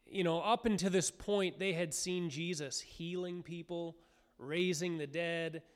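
A man preaching a sermon in an earnest manner, climbing to fervent, higher cries when he voices the crowd. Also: fairly even intonation, a little slow, clear, resonant tone. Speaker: pastor. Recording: hall reverb.

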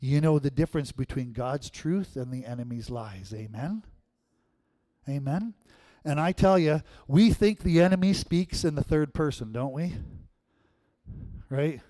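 A male pastor preaching a sermon in church, telling stories and acting out voices, swinging between loud and hushed. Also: a little high, a little slow. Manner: animated storyteller, acts out quotes, swings from loud to hushed.

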